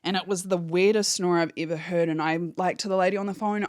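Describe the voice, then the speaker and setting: A woman's voice: fairly low pitch, fairly even intonation, brisk, dry recording, clean studio sound. A woman, a podcast guest giving a candid, emotional personal account and swearing freely. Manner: candid, swears freely, acts out phone calls in quotes.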